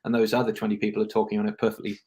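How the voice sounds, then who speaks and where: A man's voice: lowish voice, completely flat delivery, racing, a little mellow. A man speaking as a film director guest in a casual interview, reflective and rambling, often restarting his sentences.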